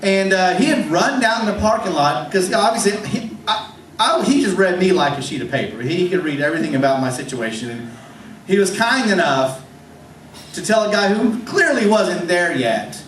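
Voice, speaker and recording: Male comedy host, high voice, self-deprecating, rambling, echoey club room, distant mic. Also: animated, moderate pace, fairly bright tone, a little hiss or hum. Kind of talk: stand-up storytelling.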